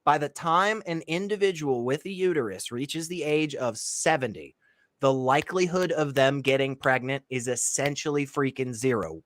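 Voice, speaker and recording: A man's voice: a little high, a bit bright, no room sound. A man co-hosting a casual talk show, blunt and incredulous, laughing often as he argues. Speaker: co-host. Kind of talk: casual debate chat.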